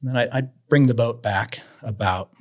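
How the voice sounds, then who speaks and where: A man telling fishing stories as a podcast guest in a casual, animated way, raising his voice to act out the people he quotes. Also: mid-range voice, normal speed. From Idaho, USA. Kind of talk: casual storytelling in an interview.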